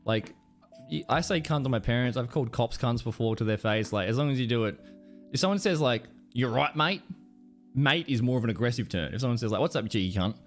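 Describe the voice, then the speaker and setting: A man's voice: medium pitch, fast talker, faint music behind. Profane Australian man chatting on stream. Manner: profane, rambling, animated storytelling. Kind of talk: casual chat to a live stream audience.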